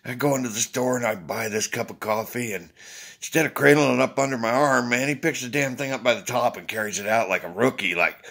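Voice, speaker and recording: A man's voice: lowish voice, normal speed, gravelly, a bit bright. A man talking to viewers in a rambling, casual monologue, swearing freely, tired after a short night's sleep. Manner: rambling, swears freely, acts out quoted exchanges. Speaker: vlogger addressing viewers.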